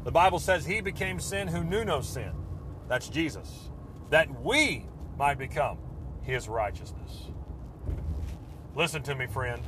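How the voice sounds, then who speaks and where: A man preaching a sermon with fervent, repetitive phrasing that swells and then drops to a hush. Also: on the high side, lively intonation, a little slow, pauses often, background noise.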